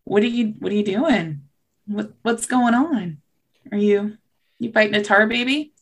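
A woman doing a gloating schemer fox. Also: medium pitch. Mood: puzzled. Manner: gloating, drawn-out delivery. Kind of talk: playful folktale retelling.

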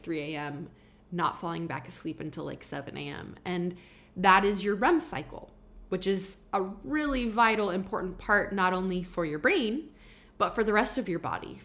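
A woman's voice: on the low side, a bit bright. A young adult woman hosting her own podcast, talking in a candid, confessional, rambling way with many fillers. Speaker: podcast host. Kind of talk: personal podcast monologue.

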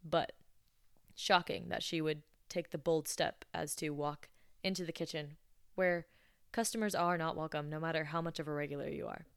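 A woman in her twenties hosting a podcast, telling funny stories from her coffee shop job in a casual, animated way and acting out the dialogue. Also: low voice, normal speed, no room sound, clean studio sound. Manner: animated, breathy laughs, acts out dialogue. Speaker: podcast host. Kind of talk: casual storytelling.

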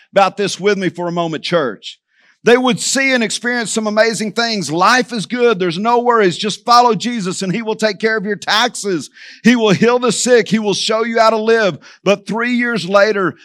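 A male pastor giving a sermon in a conversational, animated way, often turning to the congregation as church and quoting scripture. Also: sits high, no echo, studio quality. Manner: animated, quotes scripture in changing voices.

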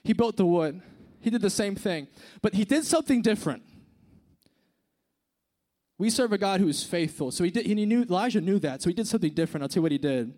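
A man delivers a sermon in a relaxed, conversational way, his voice sitting fairly high. He drops low and quiet for dramatic moments, then climbs into emphatic bursts. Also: fast. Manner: conversational, swings from hushed to emphatic.

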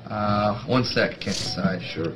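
A man's voice: on the low side, slow pace. An actor playing a hesitant, puzzled male customer at a bar in a comedy skit clip. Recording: dull lo-fi clip over faint music.

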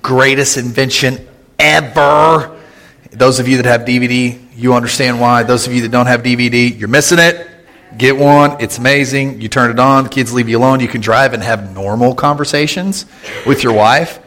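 Casting: man in his thirties, pastor giving a relaxed, jokey sermon, mid-range voice, church hall reverb behind him. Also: medium pitch. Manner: joking, conversational, with quick asides and laughs. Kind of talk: casual humorous sermon. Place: church sanctuary.

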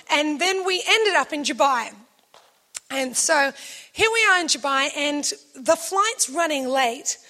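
Animated high bright woman preaching. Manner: animated, acts out quotes, laughs often. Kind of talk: sermon storytelling.

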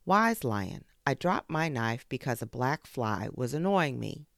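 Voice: medium pitch, very animated, measured pace, vocal fry, fairly bright tone, no room sound, studio quality, heavily acted. A storyteller voicing an anxious man in a jungle fable, urgent and pleading.

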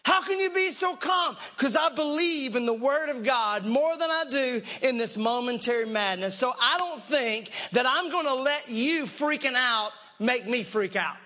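Male pastor, very high voice, lively sermon delivery with playful acted-out shouts. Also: moderate pace, few pauses. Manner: animated, acts out panicked voices and shouts; talks to the congregation directly, laughs along.

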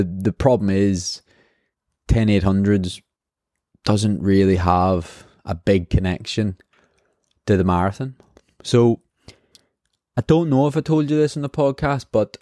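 Brief: Australian male podcaster, low mellow voice, dry close sound, candid and rambling. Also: no room sound. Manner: candid, rambling, swears freely. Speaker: podcast host. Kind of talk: casual race debrief.

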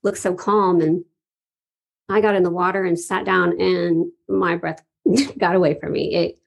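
A woman's voice: fairly low pitch, little pitch movement, a little slow, gravelly. A woman sharing a heartfelt personal story in casual talk, laughing often and acting out her own reactions.

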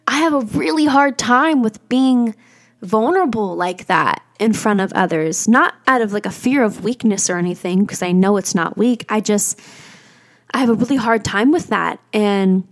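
A young woman hosting a podcast, talking candidly and confessionally in a rambling way, with many "like"s. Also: mid-range voice. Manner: rambling and confessional, heavy use of "like". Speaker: podcast host. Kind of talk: candid personal podcast monologue.

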